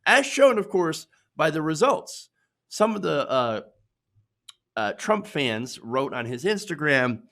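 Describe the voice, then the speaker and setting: Male political commentator from Michigan, lively pitch, sarcastic and laughing. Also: slow. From Michigan, USA.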